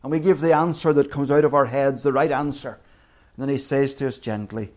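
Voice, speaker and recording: A man preaching a sermon as pastor, earnest, dropping to hushed quotes and rising to emphatic peaks. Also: medium pitch, steady tone, a little fast.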